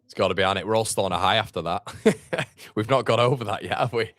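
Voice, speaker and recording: A man's voice: lowish voice, fast talker, a bit bright, no echo, clean studio sound. A man hosting a live football watchalong, chatting casually, reading out viewer comments and reacting to the match. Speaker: fan channel host.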